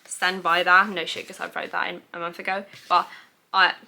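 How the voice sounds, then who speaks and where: A woman's voice: lowish voice, level tone, normal speed, gravelly, bright, forceful tone. A young woman chatting casually about her recent reads, rambling and laughing at herself as she reads out her own notes. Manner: gushing, rambling, self-mocking, laughs at herself. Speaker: book vlogger. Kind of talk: casual book review chat.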